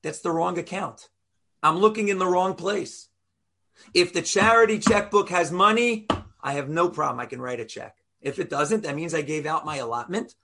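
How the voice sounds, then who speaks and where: A man's voice: a little high, lively intonation, normal speed, creaky, pushed and bright, a little hiss or hum. A rabbi teaching an informal Torah class, explaining step by step and quizzing his listeners in a conversational way.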